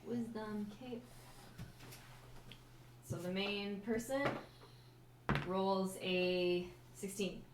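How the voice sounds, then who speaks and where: A woman's voice: medium pitch, extremely slow, pauses often. A woman running a tabletop game as dungeon master, narrating in an easygoing way and laughing often. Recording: echoey room with background noise.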